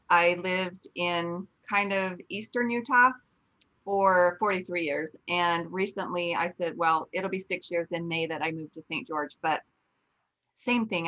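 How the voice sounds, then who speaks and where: Female host, 40s, lower register, frank conversational storyteller; muffled lo-fi audio. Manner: candid, animated retelling with quoted self-talk. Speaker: podcast host, nail instructor. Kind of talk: casual storytelling chat.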